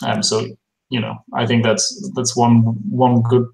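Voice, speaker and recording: A man's voice: medium pitch, little pitch movement, measured pace, creaky, a little mellow. A man hosting a casual interview over a video call, chatty and rambling with plenty of fillers. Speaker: host. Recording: roomy echo.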